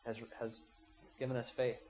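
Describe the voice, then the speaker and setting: Over poor audio, a pastor speaks to his church at a moderate pace in a medium-pitched, level tone. He tells a scriptural story and leads prayer with growing, emphatic fervor, peaking loudly on prayers and quotations.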